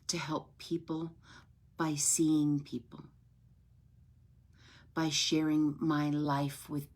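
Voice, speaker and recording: A woman tells her own story to listeners who follow her, earnest and heartfelt, often checking in with them. Her voice sits on the low side for a woman, and she takes her time, speaking slowly and deliberately. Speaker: author sharing her story. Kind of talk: personal testimony to followers.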